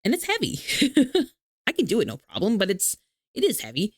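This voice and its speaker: A woman's voice: medium pitch, huge pitch swings, normal speed, breathy edge, no room sound, studio quality. A young woman streamer chatting casually with her viewers, laughing often and swearing freely.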